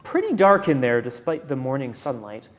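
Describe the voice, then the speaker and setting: A man runs a tabletop game as its game master, narrating scenes for his players. His voice rises and falls a great deal, and his delivery is loose and quick to break into laughter. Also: mid-range voice, big pitch swings, faint music behind.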